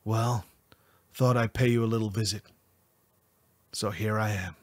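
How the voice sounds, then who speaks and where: A man's voice: fairly low pitch, fairly even intonation, unhurried, darkish tone, no echo, voice pushed down, natural voice. A man voicing a laid-back, teasing young man from an amateur romance novel he reads aloud. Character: smooth young man visiting his online love.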